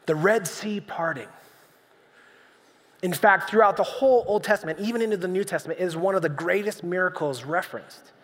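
A man's voice: high voice, a little fast, a bit bright. A man preaching a sermon on a church stage, conversational and storytelling, acting out voices with humor. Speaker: pastor. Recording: long reverb of a church hall.

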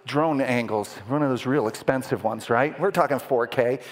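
A man's voice: mid-range voice, normal speed, few pauses. A man preaching a sermon as dramatic movie-trailer narration, adding vocal sound effects for a live audience in a hall. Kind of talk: sermon storytelling.

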